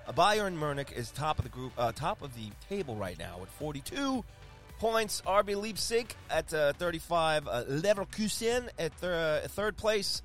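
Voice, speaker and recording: A man's voice: a little high, big pitch swings, moderate pace, a bit bright, soft background music. A man co-hosting a sports podcast in casual chat, rattling off league standings with jokes and asides. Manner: chatty, jokey, rambling with fillers. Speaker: podcast co-host.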